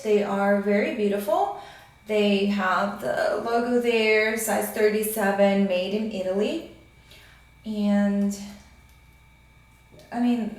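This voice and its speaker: A woman with a slightly high voice talks slowly through an unboxing, complaining in an annoyed, casual way. She sounds a little away from the mic in a very echoey room. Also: far from the mic. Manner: annoyed, complaining, with many fillers. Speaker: vlogger.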